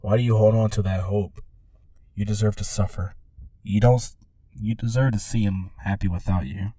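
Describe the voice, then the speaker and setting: Cruel taunting voice in the head, guy doing it, lowish dark tone, far off and dry. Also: fairly even intonation, moderate pace, no room sound, close to an everyday voice. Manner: cold and belittling.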